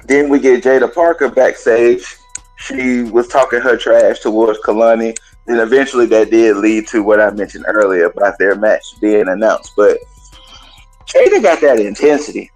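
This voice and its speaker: A man hosting a gaming and wrestling podcast, casually recapping a show in a colloquial, chatty way and pausing now and then to cough. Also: medium pitch, animated, soft background music, rough recording.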